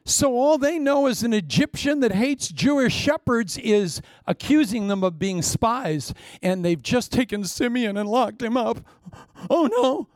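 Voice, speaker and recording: A man preaching a sermon, telling a story with lively energy and acting out the voices. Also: very high-pitched, unhurried, dry recording, clean studio sound. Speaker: pastor.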